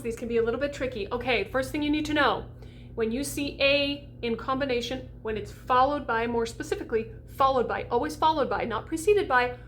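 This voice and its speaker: Woman, voice coach, chatty teaching, slightly high voice, faint background hiss. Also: a bit bright. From United States. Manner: chatty, often checks in with "okay?". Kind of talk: diction lesson to camera.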